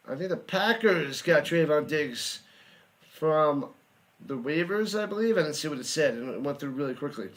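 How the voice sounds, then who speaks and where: Man, watch party host, chatty play-by-play, excitable, slightly high voice. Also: a little slow, pauses often. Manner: excitable, chatty, hums and sings to himself. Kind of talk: live play-by-play commentary with chat.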